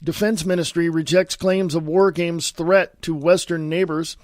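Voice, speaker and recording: A man hosting a solo political podcast, reading news headlines aloud with sarcastic asides and repeating himself, often coughing and clearing his throat. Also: on the high side, steady tone, normal speed, no room sound, studio quality. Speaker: podcast host.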